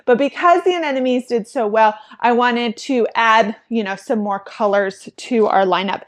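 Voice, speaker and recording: Bubbly, chatty woman farmer with a slightly high voice. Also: moderate pace. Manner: chatty and bubbly, with frequent "like" and laughter. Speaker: flower farmer. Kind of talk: casual how-to vlog.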